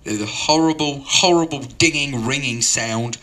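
A man telling a rambling, absurd story at an open mic in a deadpan way, full of digressions. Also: medium pitch, a little slow.

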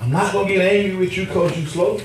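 A man's voice: high-pitched, steady tone, fast talker, background noise. A man preaching a sermon in an emphatic, folksy way, repeating phrases and drawing call-and-response from the congregation. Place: church. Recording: echoey church hall, voice from far off, music behind.

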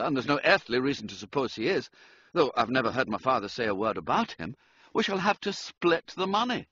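A man's voice: a little high, sharp tone, breathy edge, dull audio, voice pushed up, full character voice. Man doing a fretful young gent. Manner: aggrieved then eager, breezy upper-class slang. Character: fretful young English gentleman, excitable.

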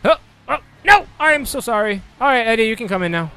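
A young man giving casual, excitable let's play commentary, joking crudely and shouting at the game. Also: very high voice, fast talker, smooth. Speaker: gameplay commentator.

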